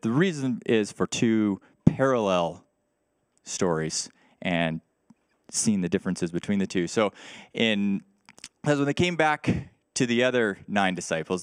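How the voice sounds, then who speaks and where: Male pastor, conversational sermon delivery, smooth resonant voice, dry close sound. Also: fairly low pitch, no room sound. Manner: conversational, reads scripture aloud. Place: church service.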